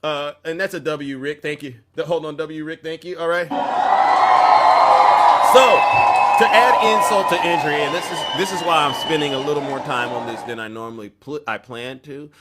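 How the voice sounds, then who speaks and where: A man's voice: fairly high pitch, fairly even intonation, normal speed, over a noisy crowd, very noisy. A man hosting an opinion commentary show, talking emphatically in a preachy tone and often breaking off mid-sentence. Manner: emphatic, preachy, self-interrupting.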